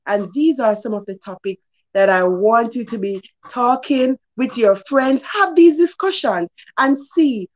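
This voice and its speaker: Earnest woman hosting a kids' segment. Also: highs cut off. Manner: earnest, emphatic, swoops up in pitch on key words. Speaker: children's segment host. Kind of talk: preachy morning-show talk to kids.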